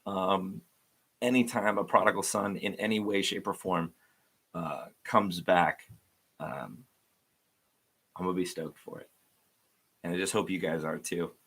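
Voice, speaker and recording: Deep-voiced man giving a casual devotional. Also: fairly even intonation, measured pace, long pauses, a bit bright, breathy edge. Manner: rambling, many restarts, earnest and informal.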